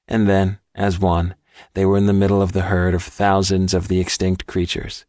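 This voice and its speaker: A man narrating an audiobook in a measured, even reading. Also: deep voice, no echo, clean studio sound. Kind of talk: scripted narration.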